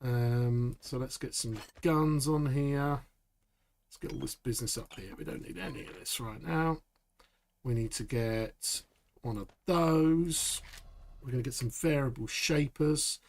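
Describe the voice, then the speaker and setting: A man talks through a survival game live, chatty and upbeat. He speaks slowly, at an ordinary pitch. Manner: chatty, upbeat, says "boom" a lot. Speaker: game streamer. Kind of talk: live gameplay commentary.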